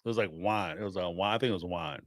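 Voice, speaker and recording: A man's voice: low voice, fast, no echo, clean studio sound. A middle-aged man hosting a podcast, telling rambling, laughing stories in a casual chat. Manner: laughing, rambling, animated storytelling. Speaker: podcast host.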